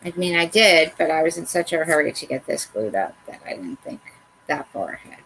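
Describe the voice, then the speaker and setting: In a rough recording with slight background noise, a woman hosts a crafts tutorial, her voice sitting low with a fairly bright tone. She talks a little fast and animatedly, chatting casually, muttering to herself as she works, and poking fun at her own mistakes in an easygoing how-to style.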